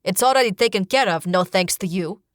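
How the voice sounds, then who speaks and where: A woman's voice: medium pitch, expressive, normal speed, a bit bright, no echo, lightly acted. A loyal male warrior speaks in stiff, formal sentences, stern and protective toward his queen, as a woman reads him out. The voice sits mid-range with a dry, close sound.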